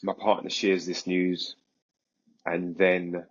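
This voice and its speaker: A man, a podcast guest, recounting a story in a vivid, animated way. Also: sits low, slow pace, highs cut off. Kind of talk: casual storytelling.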